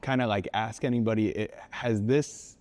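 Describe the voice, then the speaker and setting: Male podcast host, lower voice, rambling questioner. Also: fairly even intonation, moderate pace, a little mellow. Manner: hesitant, rambling questions with fillers. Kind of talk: casual interview.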